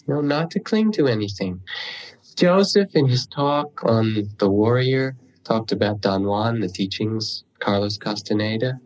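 A man giving a dharma talk as a meditation teacher, telling stories unhurriedly with pauses and the odd throat clearing. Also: on the low side, expressive, darkish tone, poor audio.

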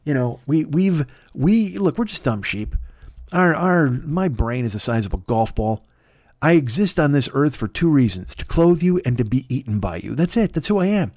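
A dim, distrustful sheep rambles on about its lowly lot, voiced by a man. The delivery is lively, and the sound is dry. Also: normal speed, no echo. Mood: wary. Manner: rambling, self-deprecating musing. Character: dumb, distrustful flock of sheep.

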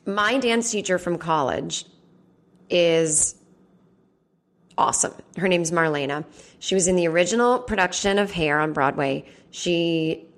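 A woman hosting a comedy podcast from home, chatting casually and rambling with lots of fillers and asides. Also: on the low side. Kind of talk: casual solo chat.

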